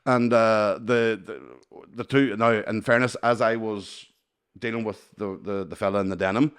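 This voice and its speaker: A man's voice: fairly low pitch, normal speed, clear, resonant tone. A man with a Northern Irish accent, co-hosting a casual podcast chat and telling stories with heavy swearing and acted-out quotes. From Northern Ireland. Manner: animated storyteller who acts out quotes, swears heavily. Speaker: podcast co-host.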